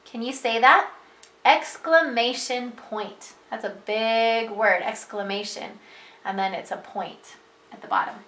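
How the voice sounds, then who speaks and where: A woman teaching a reading lesson to preschoolers, patient and sing-song, bursting into excited exclamations when she reads. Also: a little high, measured pace, reverberant. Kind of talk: reading lesson for young children.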